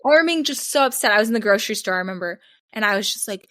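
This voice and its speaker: A young woman recounts a personal story as a podcast guest, lively and conversational, with a mid-range voice. She leans on "like" and slips into other people's voices as she retells conversations. The sound is dry and close. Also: mid-range voice, very fast, no echo. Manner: animated retelling, acts out both sides of conversations, frequent "like". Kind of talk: casual storytelling interview.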